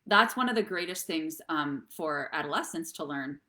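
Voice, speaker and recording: Female host with a low voice, earnest and encouraging, speaks to camera for a live online show. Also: expressive, normal speed, pushed and bright. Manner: earnest, encouraging, addresses viewers directly. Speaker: host and therapist.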